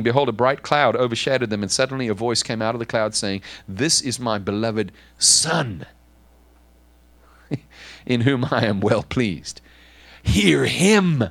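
A man preaching a sermon in an animated, emphatic way, often repeating words as he restarts. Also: medium pitch, no room sound. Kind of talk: sermon teaching.

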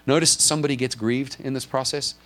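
This man's mid-range voice is brisk and fairly bright, with fairly even intonation. Preaching earnestly to a congregation as their pastor, he explains with a drawn board and puts direct questions to listeners, asking if they follow.

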